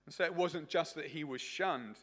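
A man's voice: a little high, normal speed, a bit bright. A man preaching a sermon at a church service, telling a story in a chatty way with many fillers.

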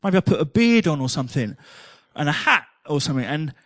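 A man's voice: a little high, very animated, brisk, a bit bright, dry recording. A man preaching a sermon in a chatty, humorous storytelling manner.

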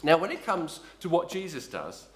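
A man's voice: fairly high pitch, wildly swooping pitch, moderate pace, a bit bright. Man preaching in an echoey church. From south-east London. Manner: rambling, self-correcting storyteller, frequent ums. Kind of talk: sermon with a personal story.

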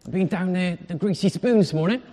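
A man's voice: high voice, brisk, warm tone. A man playing a daft pyramid-skiing showman. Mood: jokey. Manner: chummy, rambling, mock-gruff put-on accent. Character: goofy male pyramid skier, cheerful and daft. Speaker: comic performer. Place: live stage in a large hall. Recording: echoey hall.

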